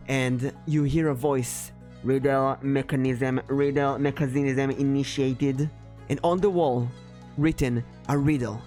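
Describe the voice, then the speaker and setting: A woman narrating a tabletop game as game master, playful and lively. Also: low-pitched.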